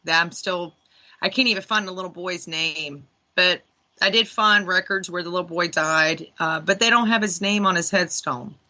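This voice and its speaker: A woman guest on a paranormal talk radio show, telling a long, animated story with many fillers. Her voice is bright and forward. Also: on the low side, moderate pace. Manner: rambling, animated retelling with lots of fillers.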